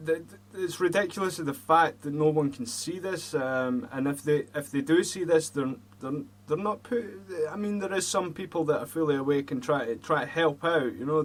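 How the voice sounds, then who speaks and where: A Scottish man hosting an internet radio talk show, speaking bluntly with a lot of swearing. His voice sits somewhat high for a man. He gets heated as he talks. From Scotland. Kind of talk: casual chat.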